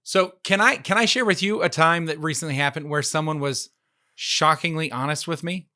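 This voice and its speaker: A man's voice: a little high, moderate pace, sharp tone. A man co-hosting a podcast, telling a story in casual chat and acting out the dialogue he quotes. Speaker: podcast co-host.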